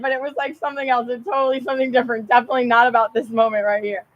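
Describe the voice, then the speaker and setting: A young woman vlogging outdoors, telling a rambling story in a casual, profane, animated way and laughing often. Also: on the high side, very fast, dull audio.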